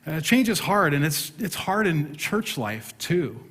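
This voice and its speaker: A man's voice: a little high, big pitch swings, measured pace, fairly bright tone, husky. A middle-aged man, a pastor, preaching a sermon and telling a self-deprecating story with humor. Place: church sanctuary. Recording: long hall reverb.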